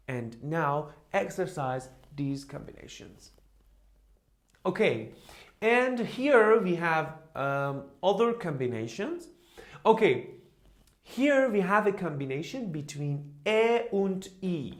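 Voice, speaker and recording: Slow, patient male language teacher. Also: fairly high pitch. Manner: slow drilling with constant "okay?" and "huh?" checks; repeats each word for the learner to echo. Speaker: German teacher. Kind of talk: beginner language lesson.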